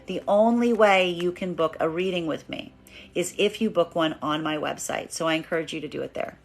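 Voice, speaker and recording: Woman giving an animated tarot reading. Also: on the low side, brisk, vocal fry. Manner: animated, acts out quoted voices, repeats words for emphasis. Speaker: tarot reader. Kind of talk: collective tarot reading monologue.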